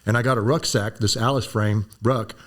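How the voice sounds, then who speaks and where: An older man in his sixties, a former Army medic, telling animated stories in a relaxed conversation and acting out other people's voices. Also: fairly low pitch, normal speed. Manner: animated storyteller, acts out voices. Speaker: guest, former Green Beret physician. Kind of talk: storytelling in a conversation.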